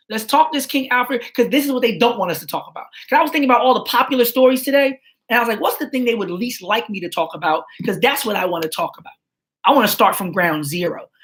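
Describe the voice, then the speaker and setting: Woman host, lively on-camera commentary, slows down to read quotes. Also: fairly high pitch. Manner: animated, slows down for quotes, playful asides. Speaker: channel host. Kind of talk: casual commentary reading documents aloud.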